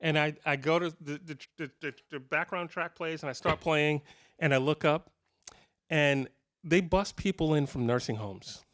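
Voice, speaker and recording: A man's voice: on the high side, normal speed. Jokey storytelling guitarist in his fifties. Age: 50s. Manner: animated, jokey anecdotes with frequent laughs. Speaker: guitarist giving a clinic. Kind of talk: casual storytelling to a live audience.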